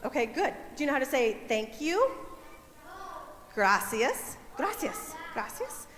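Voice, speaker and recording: A young woman gives a children's message, her high voice bouncing with energy as she coaxes kids to join in. Her voice rings through a roomy hall with long reverb. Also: slow pace, slight background noise. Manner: animated, playful, coaxing kids to join in. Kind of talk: children's sermon, teaching kids. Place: church sanctuary. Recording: echoey hall, faint room ambience.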